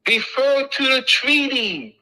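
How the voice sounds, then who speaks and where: A middle-aged man lectures an audience in a high, sharp and forceful voice. He hammers each point with emphatic repetition, speaking casually but with insistence. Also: animated, slow pace, rough recording.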